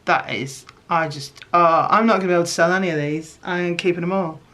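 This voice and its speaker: A woman chatting casually as she shows her homemade crafts, excitable and self-mocking. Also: fairly low pitch, quick pace. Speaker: crafting vlogger. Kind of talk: casual craft chat to camera.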